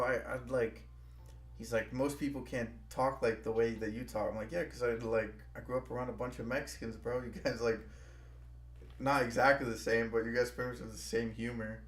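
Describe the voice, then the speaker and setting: A man's voice: mid-range voice, steady tone, brisk, echoey room. A young man, the stream host, chatting casually, rambling with many restarts and lots of "bro". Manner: rambling, restarts a lot, says "bro" often. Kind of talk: casual chat.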